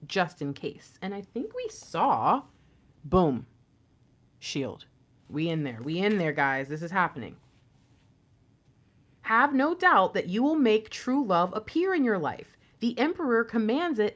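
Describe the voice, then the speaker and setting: A woman giving a casual tarot reading, playful and slangy, often breaking into laughter and asides. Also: mid-range voice. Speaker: tarot reader.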